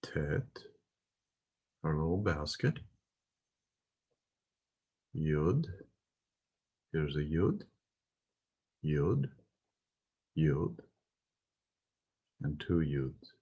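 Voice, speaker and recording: A man with a husky voice teaching a lesson, reading words slowly and carefully with some pauses. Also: rumbling low, very animated, darkish tone. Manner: spells out words carefully, pausing with "uh". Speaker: Hebrew teacher. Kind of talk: slow, deliberate lesson.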